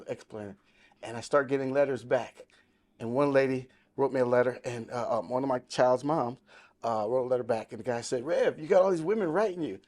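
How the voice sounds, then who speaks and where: Speaking fairly quickly in a mid-range voice with a darkish tone, this man in his sixties gives his life testimony on a podcast. His talk is casual yet emphatic, built as a story in which he quotes the people involved.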